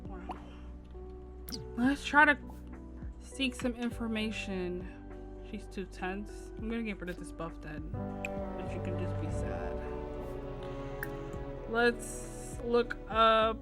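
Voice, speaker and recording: A young woman chats through her game session in a slightly high voice, dropping into the characters' lines as she goes. Game music plays clearly underneath her. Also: slow, pauses often. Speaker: gaming YouTuber. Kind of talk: casual let's play commentary.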